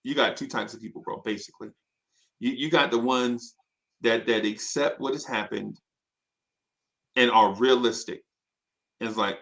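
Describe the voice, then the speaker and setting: A man telling personal stories in casual chat, animated and full of fillers and asides. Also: medium pitch, normal speed, gravelly, pauses often.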